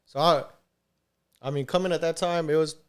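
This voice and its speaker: A man telling a story on a podcast in a relaxed, slang-heavy way, swearing a lot and laughing often. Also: on the high side, normal speed, clean tone. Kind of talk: casual storytelling.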